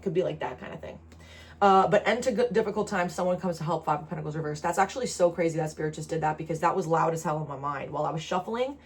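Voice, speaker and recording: A woman's voice: sits low, quick pace. Woman, New Jersey accent, tarot reader, chatty, laughs a lot, talks to the viewer. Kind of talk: casual tarot reading to camera.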